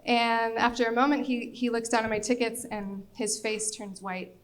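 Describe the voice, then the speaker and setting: Lively young woman telling a story. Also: a little high, normal speed. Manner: lively, animated, acts out quoted voices. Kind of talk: live storytelling on stage.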